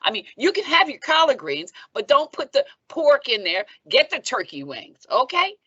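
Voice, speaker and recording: A reverend and foundation president in her seventies from Philadelphia speaks as a podcast guest in a conversational interview, emphatic and preacherly, often checking in with "okay?". Her voice is high-pitched, sing-song, husky, pushed and bright at a moderate pace, on a dry, dull recording.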